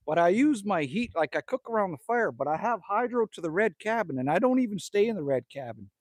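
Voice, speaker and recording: A man's voice: high-pitched, no room sound. A middle-aged man from Canada hosting a casual live stream outdoors at his rural cabin, ranting, joking and greeting viewers by name. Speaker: livestream host.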